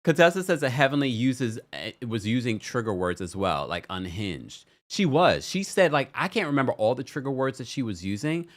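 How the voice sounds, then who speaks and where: A man hosting a casual livestream recap, talking in an animated, opinionated and chatty way while reading comments from the chat. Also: mid-range voice, moderate pace, few pauses. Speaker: recap show host.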